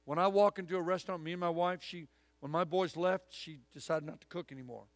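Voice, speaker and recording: A man's voice: on the high side, fairly even intonation, fast talker, no room sound. A middle-aged man preaching a sermon in a church, folksy and storytelling, with punchy emphatic lines. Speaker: guest preacher. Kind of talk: sermon with altar call. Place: church sanctuary.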